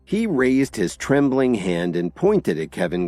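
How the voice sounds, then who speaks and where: A male narrator reading an audiobook drama in a low voice. His pitch rises and falls expressively as he tells the story. Faint music plays underneath. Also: very animated, normal speed, hardly any pauses, a little mellow, no echo.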